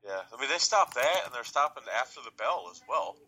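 A man, co-hosting a podcast and telling a story in an excited way. He acts out what people said and laughs often. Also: mid-range voice, brisk, slight background noise, low-quality recording. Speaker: podcast co-host. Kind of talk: casual chat.

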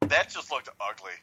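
A man's voice: mid-range voice, background noise. A man telling a rambling, profane, jokey story in casual chat.

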